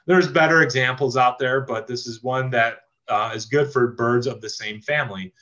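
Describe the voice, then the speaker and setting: Giving a laid-back online birding talk for a land trust, this enthusiastic man has a bright, mid-range voice and a normal pace, often restarting sentences and using plenty of fillers. The sound comes through a video call microphone and is a bit dull and lo-fi.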